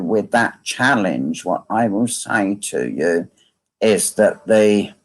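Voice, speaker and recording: A man, working as a medium, giving a slow, repetitive reading and asking again and again whether the listener understands. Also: on the low side, vocal fry. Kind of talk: live online mediumship reading.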